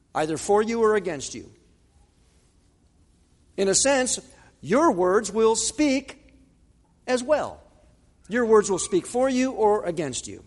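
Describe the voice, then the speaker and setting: Male preacher, high voice, dramatic delivery, slow measured pace. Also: in a large hall. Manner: dramatic, acts out quotes with pauses and repetition. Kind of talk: sermon.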